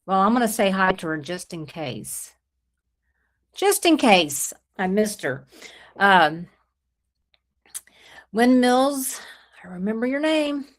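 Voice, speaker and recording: A woman's voice: medium pitch, very animated, takes it slowly, pauses often. Chatty woman with a sore throat. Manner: chatty, rambling, greets viewers by name. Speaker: livestream host. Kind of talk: casual chat reading viewer comments.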